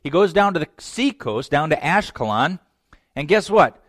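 A man preaching a sermon, retelling a scripture story with lively acted-out lines and direct asides to his listeners. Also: on the high side, normal speed, no echo, studio quality. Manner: animated storytelling, acts out voices; direct address to young men. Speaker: pastor.

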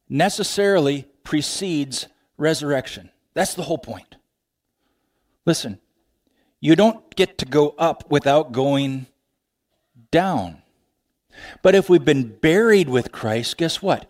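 Guy preaching a sermon, really lively voice, bit high, keeps laughing and asking okay?. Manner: animated preaching, frequent laughs and rhetorical questions. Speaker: pastor.

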